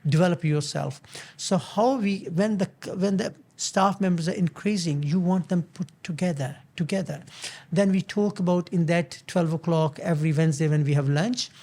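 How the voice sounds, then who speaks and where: An older man hosting his own show, giving earnest, motivational business advice in a halting way, often restarting and repeating words. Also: on the high side, darkish tone. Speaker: business founder and show host.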